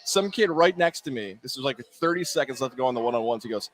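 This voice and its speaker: A man co-hosting a casual sports talk show, telling stories with animated energy and frequent laughter. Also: lowish voice, rapid-fire, hardly any pauses. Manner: animated storyteller, laughs often. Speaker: co-host.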